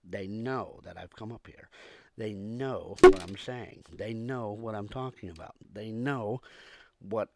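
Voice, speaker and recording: Male podcast host with a cold, low gravelly voice, repetitive aggrieved rant full of pauses. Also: heavy background noise. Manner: repetitive, aggrieved, pausing often. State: hoarse with a cold, coughing. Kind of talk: ranting monologue to listeners.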